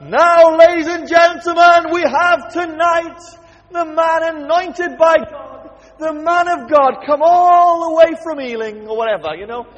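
A preacher putting on a loud, drawn-out stage announcer introducing a speaker like a star act. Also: male voice, very high-pitched, in a large hall, dull audio, voice pushed up. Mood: hyped. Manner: shouting, drawn-out showman announcing. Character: booming male stage announcer hyping a preacher.

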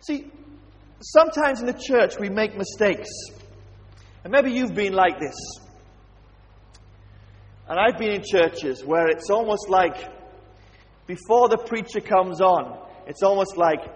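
Preacher guy, really high voice, lots of "can you see that?", big echoey hall. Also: lively intonation, slow, pauses often. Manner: emphatic, keeps asking the congregation questions. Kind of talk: sermon.

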